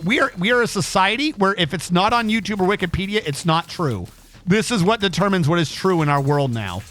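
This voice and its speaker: A man's voice: high-pitched, expressive, a little fast, fairly bright tone. A man streaming a game, ranting casually with heavy swearing and frequent stammered restarts. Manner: profane, stammering, heated ranting. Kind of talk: casual gaming livestream rant.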